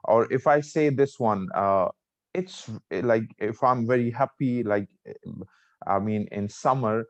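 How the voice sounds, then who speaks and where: A man's voice: mid-range voice, unhurried, dry recording. A man from Pakistan with a Pakistani English accent, lecturing a class and acting out example sentences in different tones. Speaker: teacher.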